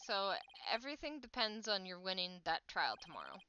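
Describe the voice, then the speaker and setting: A woman voicing a calm, reassuring male mentor lawyer who talks in a steady, encouraging way while reading game dialogue. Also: medium pitch, brisk, slight background noise.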